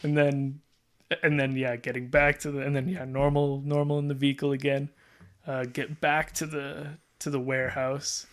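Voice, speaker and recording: A man's voice: mid-range voice, flat delivery, moderate pace. A man casually telling a long story as a podcast guest, rambling with lots of "like" and restarts and laughing as he goes.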